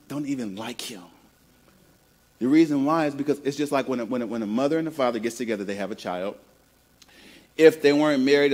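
A man from the American Midwest preaching a sermon in an easygoing, conversational way. He doubles back on his words and repeats phrases as he works toward a point. His voice sits at a middle pitch for a man. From Midwest of the United States. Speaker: pastor.

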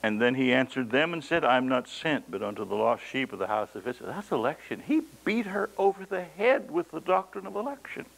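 A male preacher with a gravelly voice delivers an animated sermon. His voice swings dramatically, and he breaks into folksy storytelling asides and small chuckles. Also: mid-range voice, a little fast, hardly any pauses, low-quality recording.

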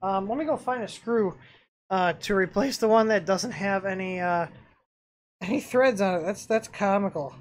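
Speaking at a moderate pace in a high-pitched voice, this man hosts a laid-back live-stream review of a 3D printer. His delivery rambles, with plenty of filler "um"s and repeated restarts.

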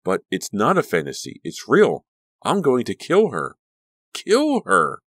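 A man voicing a frightened teenage girl who is turning savage, reading for an audiobook with a low, lively voice. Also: a little fast, no echo, studio quality. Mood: frantic. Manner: frightened, then snarling and frantic.

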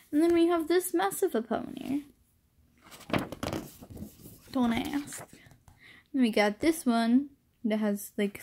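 A woman's voice: medium pitch, gravelly, mellow, a little hiss or hum. A young woman chatting casually into a phone at home, rambling and self-deprecating about her drawings. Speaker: amateur artist. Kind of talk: casual chat.

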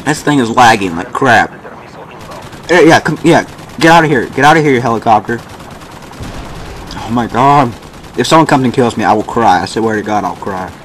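A young man giving excited, boastful commentary while playing a shooter game. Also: medium pitch, a little hiss or hum. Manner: boastful, frustrated, exclaiming. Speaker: gamer narrating his match. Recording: faint gunfire from the game behind.

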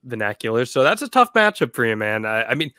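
Jokey podcast cohost guy, middle pitch, dry close sound. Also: fast, no room sound. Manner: lively, jokey, reads out results. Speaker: podcast co-host. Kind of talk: casual chat.

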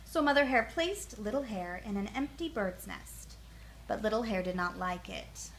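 A woman gently reading a children's picture book aloud in a soothing bedtime manner. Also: mid-range voice, expressive, normal speed, slight background noise, low-quality recording. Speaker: storyteller.

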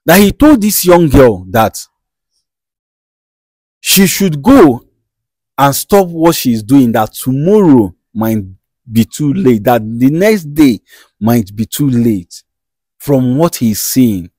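A man who presents and interprets, switching between urgent appeals and calm reassurance in a comedy skit. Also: medium pitch, slow pace, pauses often, no echo.

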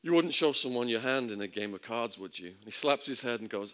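A man's voice: lively intonation, brisk, fairly bright tone. A middle-aged man telling his story in a talk, acting out the voices of the people in it. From England. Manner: vivid storytelling, acting out the quoted voices with big jumps in pitch and volume. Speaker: speaker at a public talk.

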